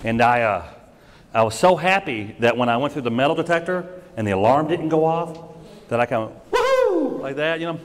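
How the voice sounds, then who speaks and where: A middle-aged man from Kentucky with a Kentucky accent, doing stand-up comedy with animated storytelling on a large theater stage. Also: medium pitch, a little fast, noisy background. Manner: animated storytelling with yelps and put-on voices. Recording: live theater mic, hall echo, loud crowd.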